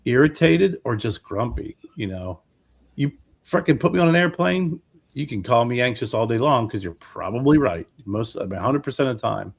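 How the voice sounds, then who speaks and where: A man co-hosting a podcast in casual chat, talking in a relaxed, rambling way and swearing casually. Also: medium pitch, normal speed, vocal fry. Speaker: podcast co-host.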